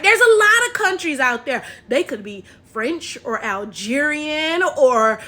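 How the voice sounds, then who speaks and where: An American woman recording a casual commentary vlog at her laptop, talking in an animated way and tagging "right?" onto her points. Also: very high-pitched. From United States. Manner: animated, keeps asking "right?" to the viewers. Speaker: commentary vlogger.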